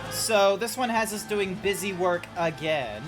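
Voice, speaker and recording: A man's voice: high voice, animated, unhurried. A man in casual, rambling commentary while streaming a video game, full of asides. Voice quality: rambling, lots of fillers and asides. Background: music playing.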